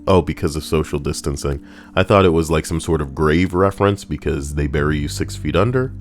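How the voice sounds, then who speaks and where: A man's voice: very deep voice, fairly even intonation, measured pace, long pauses, soft background music. A young man casually reading forum posts aloud and riffing on them, sarcastic and rambling with loose asides.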